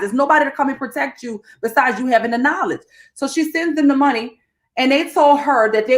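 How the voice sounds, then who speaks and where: Chatty woman livestreaming to her viewers. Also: fairly high pitch. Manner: animated, chatty, addresses viewers directly, calls them baby and y'all. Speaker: livestream host and crypto educator. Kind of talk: casual live-stream talk to viewers.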